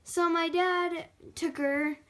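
A young woman vlogging casually at home in a chatty, excitable way, often quoting what others said. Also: extremely high pitch, slow pace, a little hiss or hum. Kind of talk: casual vlog chat to camera.

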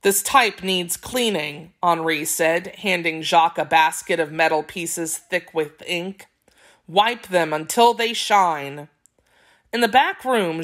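Slow-reading woman narrating a storybook. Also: lowish voice, a bit bright.

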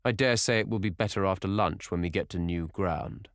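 Brusque, impatient nobleman bellowing orders, as a deep-voiced male narrator puts him on, dry close sound. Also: brisk, no echo. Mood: easygoing. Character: hot-tempered aristocratic male shooting host.

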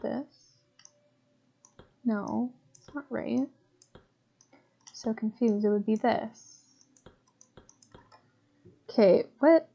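A woman's voice: a little high, drawn-out words, vocal fry, long pauses, muffled recording. A woman streaming a puzzle game live, talking casually, often puzzled, swearing and laughing as she reads chat aloud. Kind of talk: casual live gameplay commentary.

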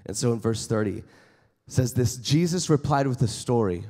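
Lively man preaching in an echoing chapel. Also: medium pitch, normal speed. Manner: conversational, acts out everyday scenes in quoted voices. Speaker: chapel speaker. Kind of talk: school chapel sermon to students. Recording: long hall reverb in a chapel.

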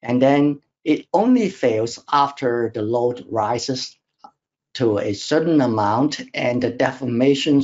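A man delivering a technical lecture over slides, at an ordinary middle pitch. He explains in a measured, step-by-step way, pausing on fillers and restarting phrases, and the audio is slightly dull and lo-fi. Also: a little mellow. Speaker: webinar presenter.

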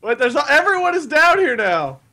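Very high, bright man bantering in a game. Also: sing-song, a little fast. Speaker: gaming friend. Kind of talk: multiplayer gaming chatter.

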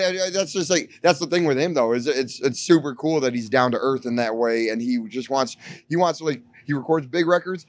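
A man from Detroit talks loosely and animatedly in an interview, piling up fillers as he tells his stories. His voice sits at an ordinary middle pitch. The recording is dry and close. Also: dry recording. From Detroit, USA. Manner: rambling, animated storytelling with many fillers. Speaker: band frontman interviewed. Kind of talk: casual interview chat. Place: bar venue backstage.

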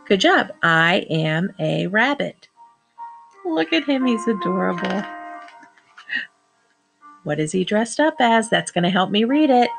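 A woman teacher reading a picture book aloud to young children, slowly sounding out words and praising them. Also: fairly high pitch, animated, vocal fry, soft background music. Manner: slow, encouraging, sounds out words.

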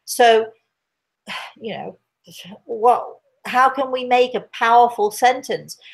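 A middle-aged woman and spiritual teacher speaking live to viewers, slow and deliberate, repeating key words for emphasis. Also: on the high side, gravelly.

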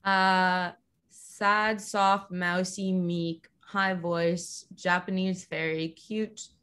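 A woman taking part in an online class, slowly listing descriptive words one at a time. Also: fairly low pitch, little pitch movement, fairly bright tone, smooth. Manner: slow, deliberate, one word at a time. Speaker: class participant.

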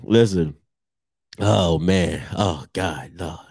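A man's voice: sits low, extremely slow, darkish tone, husky, no echo, clean studio sound. A man vlogging casual comedic roasts of his commenters, teasing and laughing often.

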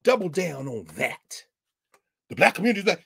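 A man lecturing like a preacher, his voice sitting high for a man as he reads a children's book aloud and stops to comment. He hammers points home by repeating phrases. The sound is close and dry, with no room around it. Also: animated, fast talker, gravelly, fairly bright tone, slightly rough, no echo. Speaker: professor guest on a talk show.

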